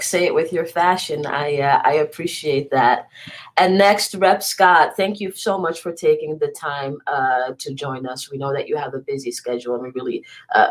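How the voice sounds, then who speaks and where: A woman moderating a panel over a video call from her office, relaxed, with frequent ums and uhs. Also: deep voice, poor audio. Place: single office.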